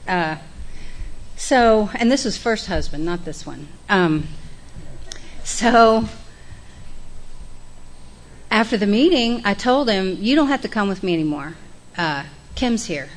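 A woman's voice: mid-range voice, expressive, takes it slowly, long pauses. A middle-aged woman, candidly sharing her recovery story in a frank, profane, self-mocking way. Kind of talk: candid personal testimony.

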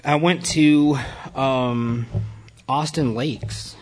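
A man's voice: medium pitch, steady tone, extremely slow. A man giving a candid personal testimony to a group, blunt, profane and self-mocking. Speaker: recovery speaker addressing a group.

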